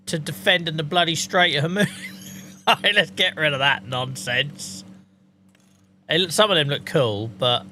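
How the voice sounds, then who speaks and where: Bright-voiced jokey man. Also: fairly high pitch, a little hiss or hum. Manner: jokey, swears freely, talks to chat. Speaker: streamer. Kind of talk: casual gameplay commentary.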